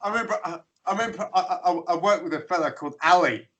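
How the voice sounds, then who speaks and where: A Scottish man in his fifties, a guest musician, chats casually in a bright, somewhat high voice. He tells stories with a jokey, self-mocking humour and an easy rhythm. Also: very fast. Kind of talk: casual chat.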